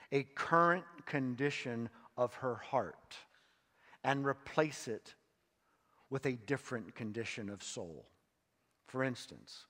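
A male pastor preaching a sermon, reading scripture and then teaching, with loud emphatic swells and hushed drops, in a church sanctuary. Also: mid-range voice. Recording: long hall reverb.

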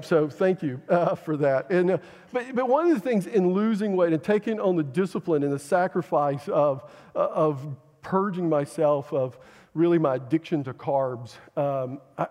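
A man preaching a sermon as pastor, talking in a conversational, animated storytelling way with humor, stumbling into restarts when he gets excited. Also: on the high side, in a large hall.

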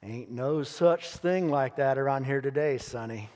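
A pastor putting on a gruff army sergeant. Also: male voice, mid-range voice, a little slow, a little mellow, natural voice. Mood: barking. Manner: gruff, barking, folksy slang. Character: tough gruff male army staff sergeant in battle.

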